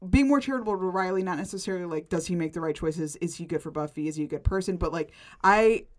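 Fast-talking woman, casual podcast chat, animated, lots of "like". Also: on the low side. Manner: rapid, animated, full of "like". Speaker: podcast co-host. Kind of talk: casual chat, TV episode recap.

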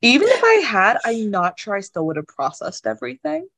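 A woman's voice: fairly high pitch, wildly swooping pitch, a little fast, creaky, fairly bright tone. A woman co-hosting a fan podcast, reacting emotionally and playfully to a TV finale. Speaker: podcast co-host. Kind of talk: casual chat.

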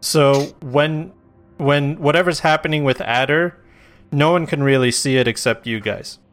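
A man's voice: a little high, unhurried, a bit bright, soft background music. A man narrating a tabletop role-playing game as game master, casual and loose, with plenty of swearing.

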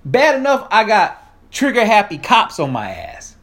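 A man's voice: high voice, wildly swooping pitch, moderate pace, fairly bright tone. A man from the South, delivering a heated, profane political rant straight to his audience. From American South. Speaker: political commentator. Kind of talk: ranting monologue.

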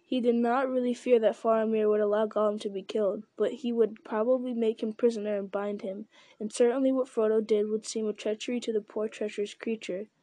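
A woman narrating a story in a steady, measured reading. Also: fairly high pitch, no echo. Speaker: audiobook narrator. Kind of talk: scripted narration.

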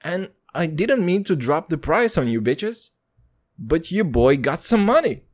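Young man, solo podcast host, crude joking rant, very lively swooping pitch. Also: measured pace. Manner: crude, rambling and joking, swears constantly, jumps in pitch for effect.

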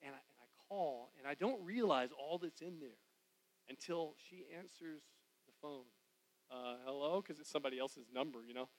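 A man preaching in church as a pastor, telling a personal story in a conversational way that swings from loud to hushed. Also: fairly high pitch, moderate pace, poor audio. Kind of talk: storytelling sermon.

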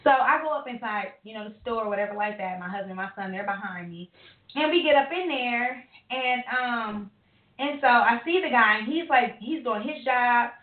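A woman co-hosting a podcast, telling a long story in a profane, rambling, animated way with lots of fillers. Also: a little high, moderate pace. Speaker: podcast co-host. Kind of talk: casual ranting storytelling. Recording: echoey tinny phone-line audio.

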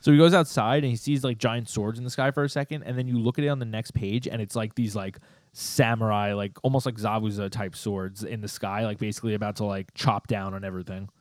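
A man co-hosting a podcast in casual chat, retelling a story in an animated way with lots of "like". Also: on the low side, fast, dry recording. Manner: animated plot retelling, frequent "like" and laughter. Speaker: podcast co-host.

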